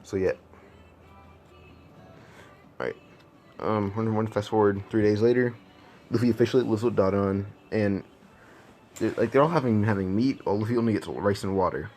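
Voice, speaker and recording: Rambling man with a lowish voice. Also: normal speed, long pauses, a little mellow, soft background music. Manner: rambling, many repeated words and fillers. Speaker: fan storyteller. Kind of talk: casual storytelling.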